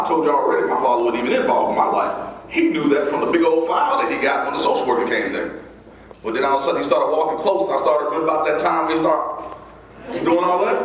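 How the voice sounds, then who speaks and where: A man telling a story from his childhood as a motivational speaker, acting out scenes with voices and high squeals. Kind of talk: storytelling keynote speech. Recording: echoey hall recorded from far off.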